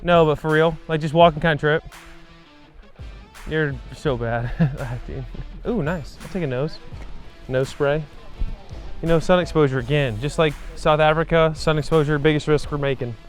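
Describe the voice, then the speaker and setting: A man's voice: fairly high pitch, normal speed, long pauses, soft background music. A man casually telling wry, joking stories to the camera on a trip. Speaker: vlog regular.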